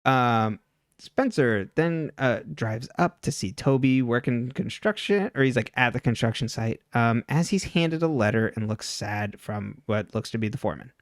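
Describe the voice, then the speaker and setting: A podcast co-host recaps a TV episode in a loose, chatty way, leaning heavily on "like" and "um" and laughing often. His medium-pitched voice is animated at a moderate pace, in a dry, studio-quality recording.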